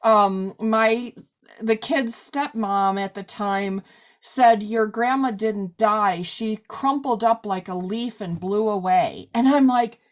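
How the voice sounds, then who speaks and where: Taking her time, a middle-aged woman with a medium-pitched voice reads a podcast ad and then falls into loose, casual conversation with a guest. She's chatty, using many fillers and asides.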